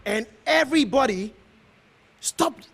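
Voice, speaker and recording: A middle-aged pastor from Ghana speaks to a gathered crowd in an earnest, exhorting way. His voice sits high for a man, and he circles back over his points as he presses them home. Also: expressive, slow, creaky, a bit bright, husky. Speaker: pastor hosting an honoring event. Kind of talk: heartfelt speech to a gathering.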